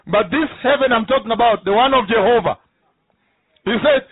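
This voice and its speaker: A man's voice: very high voice, moderate pace, husky, no room sound. A man preaching a sermon, emphatic and repetitive, often turning to ask the listeners rhetorical questions. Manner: emphatic, repeats key phrases, asks the audience rhetorical questions. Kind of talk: sermon teaching. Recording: tinny phone-like line.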